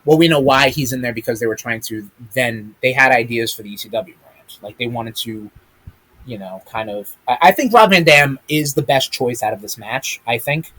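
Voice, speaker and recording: A man's voice: mid-range voice, normal speed, bright, forceful tone. Rambling man chatting on a live stream. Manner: rambling, swears casually, many ums. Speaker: podcast host. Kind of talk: casual wrestling chat. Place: streaming room with a big chat monitor.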